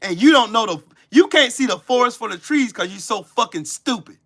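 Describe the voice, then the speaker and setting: A man rants on his live stream, hurling profanity at viewers and calling them out by name. His pitch leaps wildly between loud shouted bursts and low muttered asides. The tone is bright and sharp-edged. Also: expressive, fairly quick, vocal fry. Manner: angry, profane, cussing out viewers. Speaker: livestream host. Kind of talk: live-stream rant answering chat.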